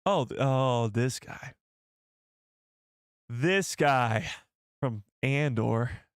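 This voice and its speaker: A male host chatting on a live stream, excitable and rambling, who often stops to correct himself. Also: medium pitch, extremely slow, clean tone, dry recording, studio quality.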